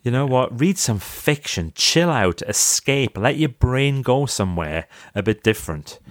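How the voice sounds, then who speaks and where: A man telling lively, self-mocking stories in a casual chat over a video call from his office library. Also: mid-range voice, unhurried, no echo, clean studio sound. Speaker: podcast guest, author.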